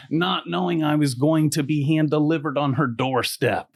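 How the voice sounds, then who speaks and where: A middle-aged man, a podcast guest, telling a personal story in a casual, animated way, acting out the voices of people he quotes and swearing now and then. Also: fairly high pitch, a little slow, vocal fry, dry recording.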